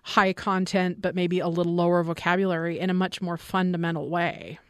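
A woman hosting a radio interview, speaking in a measured, thoughtful way. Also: fairly low pitch, little pitch movement, clear, resonant tone, no room sound, clean studio sound. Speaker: radio show host. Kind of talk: interview conversation.

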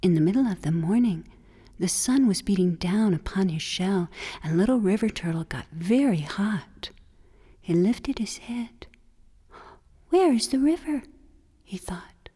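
A woman storyteller telling a folk tale for children, expressive, slipping into breathy whispers. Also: medium pitch, unhurried. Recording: long hall reverb.

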